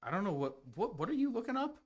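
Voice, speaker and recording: A man's voice: high-pitched, big pitch swings, fast talker. A man running a live-streamed tabletop game as game master, talking casually and thinking aloud over the rules.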